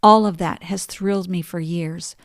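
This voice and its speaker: Calm woman reading reflectively. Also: lowish voice, creaky, no echo, clean studio sound. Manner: calm, measured storytelling. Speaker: podcast host. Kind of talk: reflective spoken essay, reading quotes aloud.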